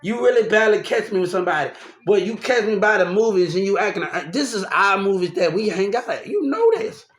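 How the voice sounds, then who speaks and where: A man's voice: high voice, fast talker, hardly any pauses. A young man rambling through a personal story, repeating himself and restarting often. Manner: repetitive, restarts often, animated. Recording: roomy echo.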